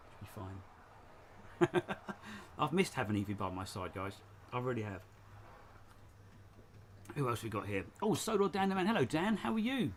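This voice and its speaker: A man's voice: on the high side, slight background noise. A man hosting a casual live stream from his shed, rambling and chatty, often laughing as he talks. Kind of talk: casual chat. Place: home shed.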